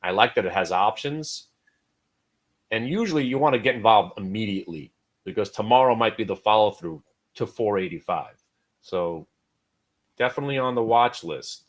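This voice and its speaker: A middle-aged American man hosting a live stock trading room, talking casually and with swings between loud and quiet. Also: on the low side, normal speed.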